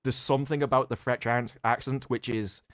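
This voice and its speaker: A man's voice: mid-range voice, steady tone, brisk, dry recording, clean studio sound. A man with an English accent, chatting casually as a podcast co-host with wry, self-deprecating humor. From England. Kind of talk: casual chat.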